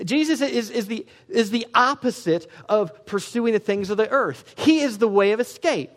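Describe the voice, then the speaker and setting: A young adult man preaches in a church, his somewhat high voice rising to loud emphatic peaks before dropping into quiet asides. He acts out the voices of the people he quotes. A long reverb from the church hall trails behind his words. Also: animated, normal speed. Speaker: pastor. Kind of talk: sermon. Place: church sanctuary.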